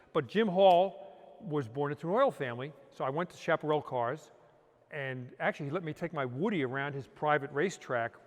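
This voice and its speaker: A man with a somewhat high voice tells stories in a loose, rambling way, often restarting his sentences. His voice trails off into a long reverb, as if recorded in a large hall. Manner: rambling, with frequent restarts and "you know". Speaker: interview guest, car hunter. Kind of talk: casual storytelling.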